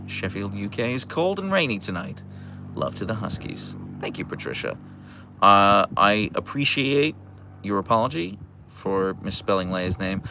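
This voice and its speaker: Gravelly low-voiced man chatting on stream. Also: bright, forceful tone, slight background noise. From Pittsburgh area, USA. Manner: chatty, teasing, dry jokes, answers chat messages. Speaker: livestream host reading chat. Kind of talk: casual livestream chat.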